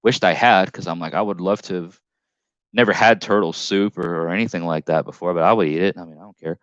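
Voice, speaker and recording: A man's voice: low voice, fast, a bit bright, dry recording, dull audio. A man with a northern US accent hosting a casual live stream on a headset mic, telling a rambling story full of restarts and self-corrections.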